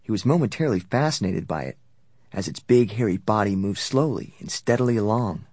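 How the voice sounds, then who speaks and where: Low-voiced male audiobook narrator. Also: fairly quick, no room sound, studio quality. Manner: steady, even storytelling. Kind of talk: scripted narration.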